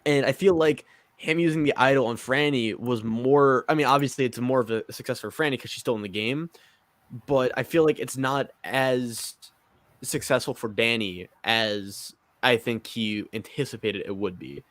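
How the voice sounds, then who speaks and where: A man's voice: mid-range voice, moderate pace, no room sound. Joking man on a dry mic. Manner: relaxed and joking, hedging his opinions. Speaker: podcast co-host. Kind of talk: casual chat.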